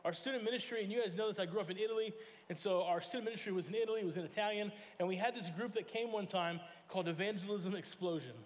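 A man with a high voice preaches a sermon in a church sanctuary, and the words ring with a long reverb. He tells stories as he goes, acting out quoted voices and sometimes stopping to correct himself. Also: very fast. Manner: storytelling with acted quotes and self-corrections. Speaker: pastor.

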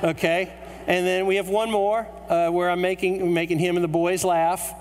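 A man from the United States preaching a sermon, telling a funny story in an animated, comic way. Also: high-pitched, normal speed. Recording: hall reverb with mains hum.

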